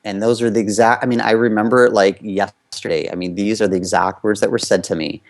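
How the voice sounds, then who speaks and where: Guy from the states, kinda low voice, just chatting through an old story, lots of um and you know. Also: steady tone, quick pace. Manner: conversational, frequent fillers, loose run-on phrasing. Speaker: interview guest, former competitive skater. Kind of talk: candid personal storytelling.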